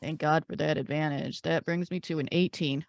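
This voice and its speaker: A woman's voice: low-pitched, steady tone, moderate pace, gravelly, dry recording. A woman playing a tabletop game with crude, swearing banter. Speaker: player. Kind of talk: casual tabletop role-play.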